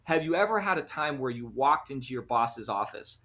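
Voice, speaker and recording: An American man, a guest in an interview, explaining his ideas in an animated way and often acting out quoted voices. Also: mid-range voice, a little fast. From United States. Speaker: guest, conflict resolution practitioner. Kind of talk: conversational interview.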